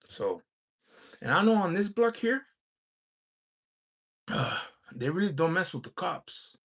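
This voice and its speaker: A man's voice: high-pitched, sing-song, slow, a bit bright. A man vlogging, telling a personal story in a rambling, casual way, with many fillers and restarts.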